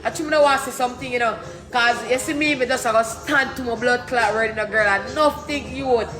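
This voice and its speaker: A young Jamaican man in an angry, profane rant, shouting and cursing in rapid patois. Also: very high voice, over music. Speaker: social media personality.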